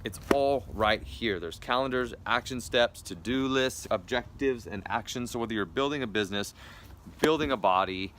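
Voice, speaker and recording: A man speaking as a wellness coach, giving an upbeat, persuasive pitch straight to viewers, with casual fillers along the way. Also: normal speed, fairly bright tone, slight background noise. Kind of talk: direct sales pitch to viewers.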